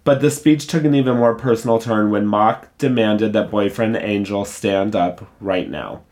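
A man with a fairly low voice works through a gossip article out loud. He pauses to add candid, opinionated asides in an easy, conversational tone. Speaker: pop culture commentator. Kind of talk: reading a gossip article aloud, then casual commentary.

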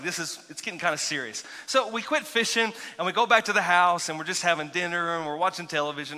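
A man preaching a sermon as pastor, telling a story in an animated, chatty way with self-teasing asides and many restarts. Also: on the high side. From grew up near Seminole. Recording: long reverb of a large hall.

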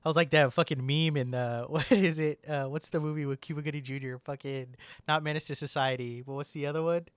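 A man's voice: on the high side, fairly even intonation, fairly quick, hardly any pauses, clear, resonant tone, no echo, clean studio sound. A man in casual chat with a friend, rambling, swearing often and filling his talk with "like". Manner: rambling, swears a lot, fills with "like".

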